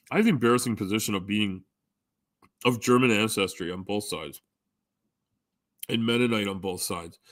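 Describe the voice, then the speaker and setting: A man's voice: lowish voice, bright, forceful tone, no room sound, studio quality. A middle-aged man chatting casually with live viewers as a stream host, rambling with lots of fillers. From Canada. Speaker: livestream host.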